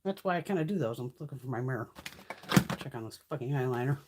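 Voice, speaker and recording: A woman's voice: rumbling low, expressive, fast, noisy background. A woman hosting a casual livestream chat, swearing freely and laughing through her stories. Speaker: livestream host.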